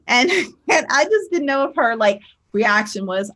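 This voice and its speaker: A woman's voice: fairly high pitch, normal speed, fairly bright tone. A woman who works as a spiritual teacher and life coach, talking casually on a livestream and telling a family story with lots of fillers.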